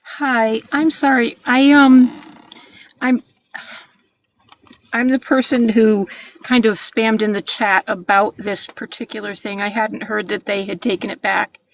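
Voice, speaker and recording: A woman in her sixties calling in to a show, speaking earnestly and haltingly, with frequent restarts. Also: on the high side, fairly even intonation, a little hiss or hum, rough recording. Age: 60s. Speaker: caller. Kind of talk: call-in chat.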